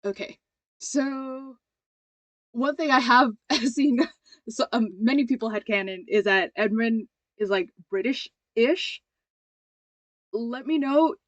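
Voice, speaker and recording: A woman's voice: on the high side, no room sound, highs cut off. Giggly woman streamer reading a story. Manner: giggly, chatty asides. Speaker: streamer reading a visual novel aloud. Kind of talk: casual stream, voicing story characters.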